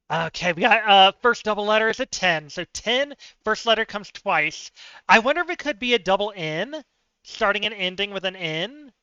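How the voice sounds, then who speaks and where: A man's voice: sits high, expressive, normal speed, pauses often, sharp tone, clean tone, no room sound, highs cut off. A man streaming live word games, thinking aloud, chatting with viewers and poking fun at himself.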